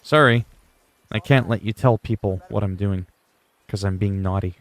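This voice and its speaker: A man's voice: on the low side, normal speed, a little hiss or hum. A man, livestreaming and chatting casually while gaming, rambling and joking playfully. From Canada.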